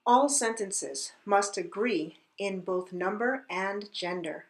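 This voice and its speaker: A woman teaching a lesson at a whiteboard, upbeat and encouraging, slowly repeating words to drill them. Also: mid-range voice. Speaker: Spanish teacher. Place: classroom with a whiteboard. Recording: echoey room, voice from a distance.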